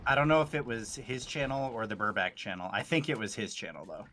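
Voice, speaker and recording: A man chatting casually while gaming, laughing a lot and trading quick banter. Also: mid-range voice, animated, pushed and bright. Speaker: co-player.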